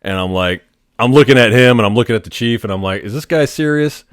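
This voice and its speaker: Low-voiced man telling work stories. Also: fast talker, no room sound, studio quality. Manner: laid-back, profane, rambling with fillers. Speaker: Navy X-ray tech telling work stories. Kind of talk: casual storytelling vlog.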